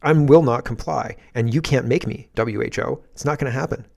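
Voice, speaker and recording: A man's voice: mid-range voice, a little fast, vocal fry, a little mellow. A man hosting a livestream from his garage, ranting about politics in a defiant, emphatic and profane way. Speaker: political commentary host. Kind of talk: unscripted livestream rant.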